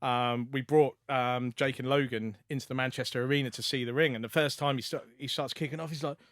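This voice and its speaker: Fast-talking man telling a story. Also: mid-range voice, fairly even intonation, a bit bright, dry recording, clean studio sound. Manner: rambling, lots of ums and restarts. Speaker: podcast guest. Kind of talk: casual anecdote on a podcast.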